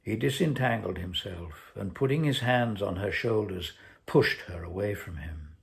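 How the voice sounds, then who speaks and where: A man, an actor, reading his own short story aloud in a measured, deliberate way. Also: on the low side, lively intonation, creaky. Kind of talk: scripted story narration.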